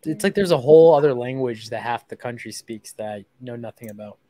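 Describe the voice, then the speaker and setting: A young woman hosting a casual live stream, excitable and jokey, swearing freely and teasing herself. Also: very deep voice, a little fast, no room sound. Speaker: streaming host making sales calls.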